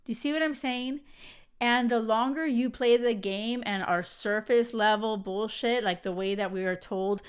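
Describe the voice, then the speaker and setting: A young woman hosting a podcast, talking emphatically and excitedly, swearing freely. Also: on the high side, moderate pace, clean tone. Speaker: podcast host. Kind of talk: casual podcast chat.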